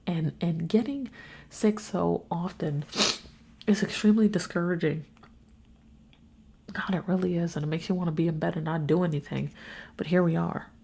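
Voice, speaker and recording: Here a sick, congested young podcast host from New York vents on her own show, tired and blunt, swearing plenty. Her husky, gravelly voice is fairly low and dark in tone. She moves at a moderate pace but pauses often.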